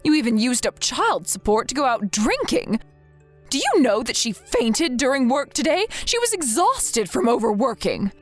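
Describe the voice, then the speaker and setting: A woman reading the messages of a worried, stern grandmother in a text-message story, with soft music behind her. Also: high-pitched, big pitch swings, moderate pace. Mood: accusing. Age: older. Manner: firm, scolding.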